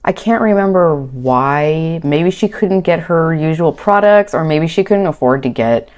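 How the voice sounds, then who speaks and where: This recap commentator goes over a reality show in a low, slightly mellow voice at a measured pace, and she's animated throughout. Talking casually into a home mic, she keeps things chatty and wry, bouncing through other people's lines when she quotes them.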